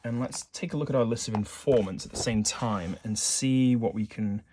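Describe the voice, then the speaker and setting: A man casually narrating a solo detective board game, reading the case aloud and thinking out loud with rambling, self-correcting asides and little jokes. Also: on the low side, normal speed, slightly rough.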